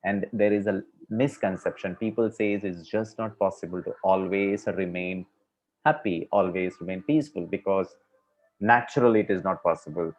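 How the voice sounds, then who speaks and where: A man's voice: deep voice, steady tone, normal speed, darkish tone. Man giving a spiritual talk. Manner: conversational, with many fillers. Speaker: spiritual speaker. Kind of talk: spiritual discourse to a class. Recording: dull lo-fi recording.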